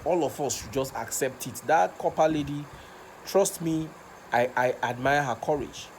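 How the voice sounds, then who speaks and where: A man's voice: mid-range voice, normal speed, slight background noise. A man with a Nigerian accent, recording a passionate rant video, repeating himself and stumbling over words as he gets worked up. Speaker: vlogger.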